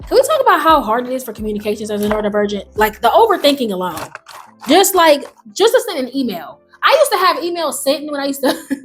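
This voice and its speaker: A young woman chatting casually to the camera while doing a puzzle, animated, swearing freely and jumping to sudden high exclamations. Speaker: vlogger.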